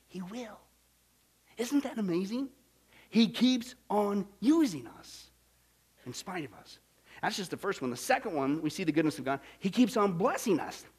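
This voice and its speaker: A male pastor with a notably high-pitched voice delivers an emphatic sermon. He drops to hushed, quiet lines and then rises to loud, shouted emphasis.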